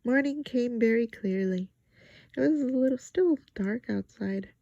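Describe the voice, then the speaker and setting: A woman reads a children's storybook aloud in a lively, childlike first-person voice. Her tone is mellow with a gravelly edge, and the sound is dry and close. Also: fairly high pitch, unhurried, no echo, muffled recording. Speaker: storybook reader. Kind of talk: children's book read-aloud.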